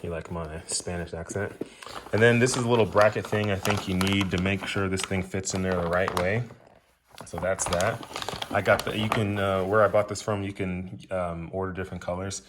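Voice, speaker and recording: A deep-voiced man chats casually as he works on his car, easygoing and rambling with plenty of "uh" and "um". A faint hum of noise sits behind his voice. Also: fairly even intonation, a little fast. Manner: rambling, easygoing, lots of fillers. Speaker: car vlogger. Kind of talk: casual chat.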